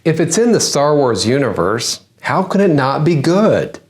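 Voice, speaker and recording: A man's voice: a little high, sing-song, normal speed. A man hosting a comedy news segment, delivering a satirical monologue with sarcastic punchlines.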